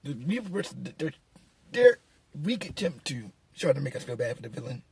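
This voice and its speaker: A man's voice: medium pitch, big pitch swings, moderate pace, a little mellow, slightly rough. A man giving a casual, rambling film review, sarcastic and mocking, chuckling at his own jokes. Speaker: movie reviewer.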